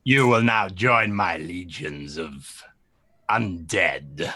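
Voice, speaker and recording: A deep, slow, menacing deity of oblivion, put on by a man speaks in a tabletop game. The voice is sunk well below a normal speaking tone, heavy and commanding. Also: pushed and bright, exaggerated voice. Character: sinister ancient male god of oblivion.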